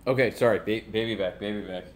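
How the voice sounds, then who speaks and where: A man's voice: fairly low pitch, fast talker, slight background noise. A young man, a dad, joking casually with a live stream chat while talking to his baby.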